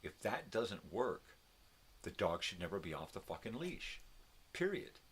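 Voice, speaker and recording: A man's voice: deep voice, sing-song, measured pace, slightly rough. An older man hosting a casual morning video from his home, coaxing his dogs and ranting with a lot of profanity. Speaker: vlog host.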